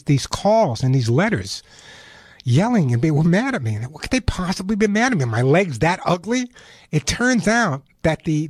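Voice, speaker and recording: Guy hosting a pet call-in radio show, fairly high voice, dry studio sound, chatty and full of tips. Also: dry recording. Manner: chatty storyteller, gives step-by-step advice. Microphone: studio microphone.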